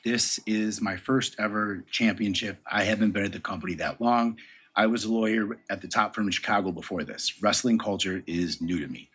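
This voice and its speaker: A man's voice: on the low side, a bit bright, breathy edge. A man casually telling a personal anecdote in an easygoing way, slipping into the voices of the people he quotes. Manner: easygoing storyteller who acts out dialogue. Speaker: interview guest recounting a story.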